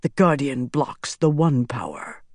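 A narrator doing a quiet, grave young leader. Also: mid-range voice, measured pace, no echo, clean studio sound. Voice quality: quiet and steady.

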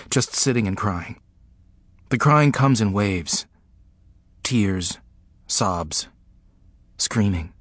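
A man reading a first-person memoir aloud, in a slow, grave, repetitive delivery. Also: on the low side, fairly bright tone, no room sound. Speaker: narrator.

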